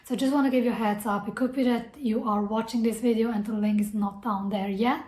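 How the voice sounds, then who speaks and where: A woman's voice: fairly high pitch, fairly even intonation, fairly quick, mellow. A woman talking earnestly and reflectively to camera about personal growth, using a lot of casual "like" fillers. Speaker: self-development vlogger. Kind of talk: personal advice talk to camera. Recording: echoey room.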